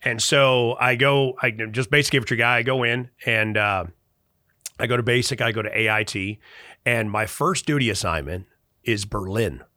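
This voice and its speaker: A man's voice: medium pitch, normal speed, dry recording, studio quality. A middle-aged man from Chicago telling a long story in casual conversation, acting out the voices of people he quotes. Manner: animated, acts out quoted dialogue. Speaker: guest.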